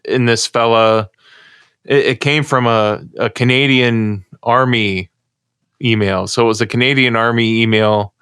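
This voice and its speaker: Middle-aged American podcast co-host, rambling anecdotal chat, crisp and dry. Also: male voice, mid-range voice, fairly bright tone, dry recording. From United States. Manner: rambling storyteller. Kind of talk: casual chat.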